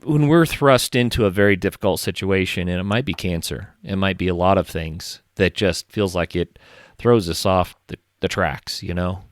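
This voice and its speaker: A man's voice: low voice, normal speed, dry recording, studio quality. A man hosting a podcast interview, thinking aloud in a reflective way. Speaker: podcast host. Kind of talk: conversational interview.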